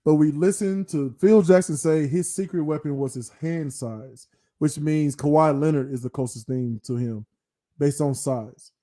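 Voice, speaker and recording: A man with a high yet mellow, dark-toned voice argues in a heated casual debate. He scolds his co-host in mock anger and swaps his curses for a made-up word. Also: moderate pace. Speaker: podcast co-host.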